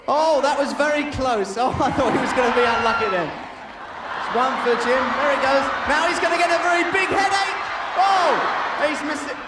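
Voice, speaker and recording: A man's voice: very high voice, normal speed, very noisy. A man presenting and commentating an outdoor team game, joking and teasing the players. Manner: jokey, teasing, excitable. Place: outdoor sports field with crowd. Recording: echoey, distant mic, loud crowd.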